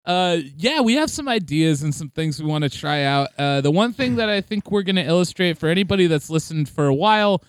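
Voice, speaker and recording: A man's voice: fairly high pitch, lively intonation, fairly quick, hardly any pauses, clean tone. A man co-hosting a podcast in casual chat, laughing often and slipping into playful put-on accents. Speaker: podcast co-host.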